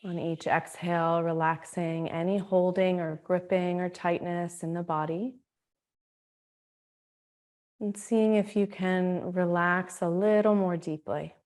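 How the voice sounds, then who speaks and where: A woman teaching a guided meditation, speaking in a slow, soothing, gently inviting way. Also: fairly low pitch, fairly even intonation. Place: Australia.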